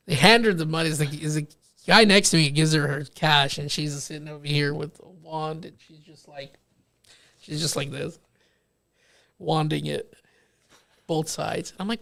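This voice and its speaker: A young man hosting a casual podcast, telling lively stories and acting out the people in them. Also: a little high, vocal fry, no echo. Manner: animated storyteller acting out quoted people. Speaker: podcast host.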